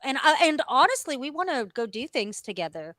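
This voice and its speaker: A woman co-hosting a casual podcast with a high, bright voice that swings up and down. She is bubbly and quick to jump in with reactions. It is recorded close, with no room sound. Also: very animated, dry recording. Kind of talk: casual chat.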